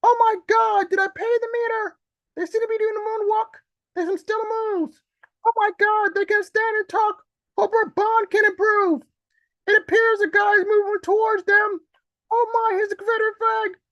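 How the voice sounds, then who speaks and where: A man performing comic poetry as a panicky male bystander, with shrill, frantic exclamations over a video call. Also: flat delivery, normal speed, pushed and bright, no room sound, lo-fi sound, heavily acted. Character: panicky adult male bystander watching monster chaos. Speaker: open mic poet.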